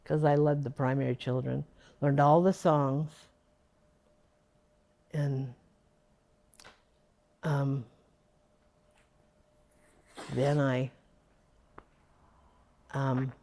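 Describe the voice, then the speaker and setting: A woman's voice: extremely low pitch, steady tone, very slow, vocal fry, pauses often, dark tone. An older woman being interviewed for an oral history, reminiscing in a rambling way with many fillers.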